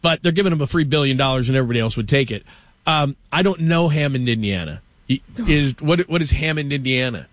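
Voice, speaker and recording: Male sports-talk host, middle-aged, from Los Angeles, animated and emphatic, dry close mic. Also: mid-range voice, quick pace, dry recording. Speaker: show host.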